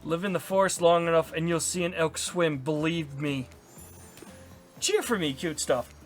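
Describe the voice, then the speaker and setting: A man's voice: on the high side, moderate pace, faint music behind, voice pushed down, natural voice. Boastful sporty huntress, as a man puts her on. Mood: flirty. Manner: boastful, enthusiastic. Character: sporty, eager female huntress with a hatchet.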